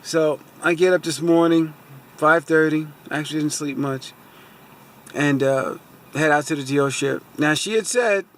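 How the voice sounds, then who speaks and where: His voice runs on the high side and a little slow. Parked in his car for a casual vlog, the car vlogger tells a long, meandering tale of a dealership mix-up, frustrated and aggrieved, saying "so anyway" again and again.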